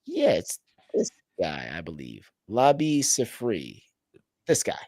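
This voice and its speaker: A man's voice: lowish voice, wildly swooping pitch, slow pace, vocal fry, dark tone, no echo, clean studio sound. A man hosting a casual podcast chat, rambling and trailing off as he searches for names. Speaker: podcast host.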